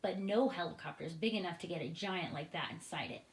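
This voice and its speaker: A woman's voice: on the low side, a little fast, close to an everyday voice. Brief: pompous, easily offended air marshal man, read by a woman, storybook, echoing room. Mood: huffy. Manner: huffy, proud. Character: proud pompous male air force chief.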